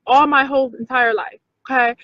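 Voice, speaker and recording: Woman, high bright voice, slow emphatic talk, repeats herself, dry lo-fi sound. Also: fairly even intonation, no room sound. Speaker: video host. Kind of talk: casual talk to viewers.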